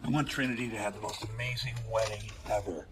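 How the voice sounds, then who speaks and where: A man's voice: fairly low pitch, fairly even intonation, fast, background noise, natural voice. A man playing an awkward, gushing married guy. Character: goofy, married man posing as a trailer park guy. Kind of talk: TV comedy acting.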